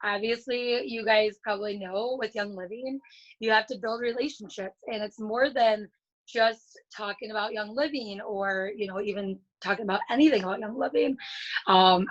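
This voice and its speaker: A woman's voice: mid-range voice, moderate pace, muffled recording. Chatty woman on a video call. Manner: earnest, chatty, many fillers and restarts. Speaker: guest speaker. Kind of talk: casual motivational talk.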